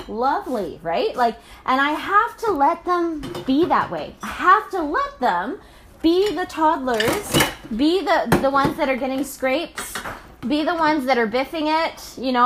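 A woman in her thirties, a mother, musing in a casual, chatty, animated monologue full of fillers and laughs. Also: sits high, background noise.

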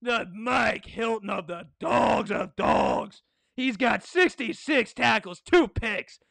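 A podcast host giving an excitable, hyped-up sports preview, often shouting and asking rhetorical questions. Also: medium pitch, slow pace, vocal fry, no echo.

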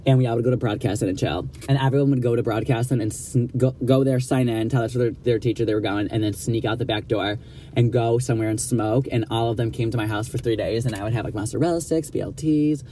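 A young adult man at a medium pitch tells a story casually. He is blunt, gossipy and full of swearing, and he slips into other people's lines as he talks. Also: quick pace, dark tone, a little hiss or hum. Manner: blunt, profane, gossipy, acts out quoted dialogue.

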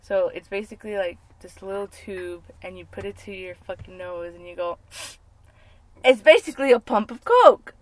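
A woman's voice: medium pitch, expressive, moderate pace. Female podcast guest, chatty and laughing, mid-range voice. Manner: chatty, laughs while telling stories. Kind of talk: casual chat. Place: car.

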